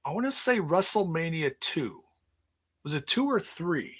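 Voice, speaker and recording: A man's voice: fairly high pitch, sing-song, a little slow, fairly bright tone, breathy edge. A man in his forties hosting a livestreamed podcast, chatting casually in a playful, rambling way with many restarts. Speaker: podcast host. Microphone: streaming setup.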